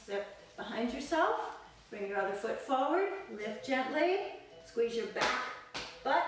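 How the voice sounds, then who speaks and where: A woman's voice: high-pitched, big pitch swings, unhurried, a little hiss or hum. A woman teaching a live belly dance class, counting beats aloud and cueing each move with encouragement. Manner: encouraging and upbeat. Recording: very echoey room, mic far off. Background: music playing.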